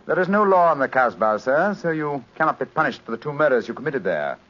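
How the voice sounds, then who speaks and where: An actor playing a calm, brilliant male detective who explains things precisely, in 1940s radio acting. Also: mid-range voice, fast. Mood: cool. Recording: muffled 1940s radio recording.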